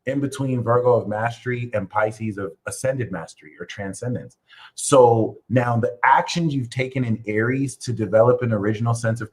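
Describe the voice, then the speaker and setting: A young man giving a casual astrology reading, loose and joking, with bursts of loud, animated rants. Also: low-quality recording. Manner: animated, swings into loud high playful rants with profanity. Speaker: astrology reader.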